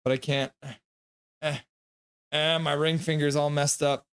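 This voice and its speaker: A man's voice: a little high, measured pace, smooth. Chatty man calling hockey on a live stream. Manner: reads chat aloud, jokes and laughs often; bursts into excited goal calls. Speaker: live stream reaction host. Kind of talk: casual live chat with play-by-play.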